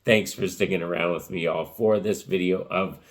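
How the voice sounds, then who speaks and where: A man giving a casual spoken movie review, rambling with lots of fillers, his voice cracking and rough. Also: low voice, steady tone, normal speed.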